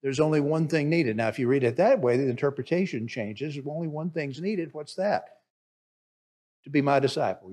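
A male pastor preaching in an easy, conversational way, explaining a passage step by step. His voice sits a bit high for a man and turns lively when he makes a point. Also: moderate pace. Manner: conversational, explanatory, animated at times. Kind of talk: sermon.

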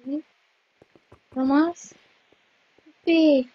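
A woman giving casual gameplay commentary as host of her channel, excitable, humming and chanting to herself while she plays. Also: high voice, extremely slow, lo-fi sound, slight background noise.

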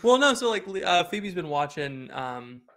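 A young man co-hosting a podcast, chatting about his small son in a relaxed way that trails off softly. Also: sits high, moderate pace. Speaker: podcast co-host. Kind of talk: casual chat.

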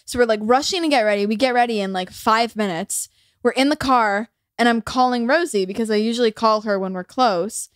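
A woman's voice: fairly high pitch, fairly quick, no room sound, clean studio sound. A young woman telling a funny story as a podcast guest, laughing a lot and acting out the people in it. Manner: storytelling with laughing fits and quoted voices. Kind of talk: casual chat.

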